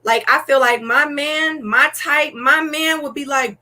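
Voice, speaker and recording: A young adult woman with a high voice speaks a little slowly but hardly pauses, appearing as a dating show guest in a casual interview. She tells stories animatedly, acting out what people said and using lots of "like" fillers.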